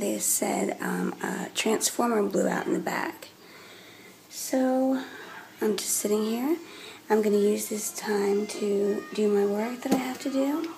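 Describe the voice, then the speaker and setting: A woman's voice: medium pitch, creaky, darkish tone, a little hiss or hum, poor audio. A woman chatting casually to her viewers at home in a rambling vlog. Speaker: hair stylist vlogger.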